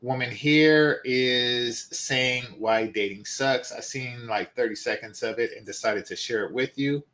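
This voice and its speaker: A man in his forties gives his opinions in a relaxed, conversational way. He addresses viewers directly, and his voice sits at an ordinary mid pitch. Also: measured pace. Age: 40s. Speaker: host. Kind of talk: casual commentary on dating.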